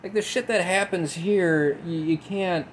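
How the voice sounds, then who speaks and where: A man's voice: high voice, a little slow, slight background noise, poor audio. A young man from Minnesota with a Minnesotan accent, hosting a podcast in a rambling, profane monologue, recorded on a phone inside a tin building. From Midwest, Minnesota. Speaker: podcast host. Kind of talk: casual solo podcast monologue.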